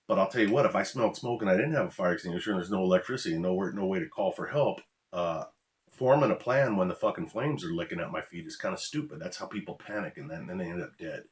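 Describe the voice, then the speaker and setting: A man's voice: deep voice, lively intonation, fast talker. A man, a former officer ranting bluntly and profanely to his viewers. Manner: blunt, profane, preachy warnings. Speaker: former law enforcement officer, channel host. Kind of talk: ranting monologue to camera.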